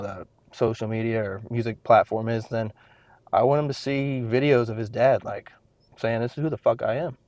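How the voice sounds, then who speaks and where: A man's voice: medium pitch, no echo, clean studio sound. A man in his thirties, a fitness trainer, talking intensely and bluntly to a podcast mic, swearing freely. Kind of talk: casual solo podcast monologue.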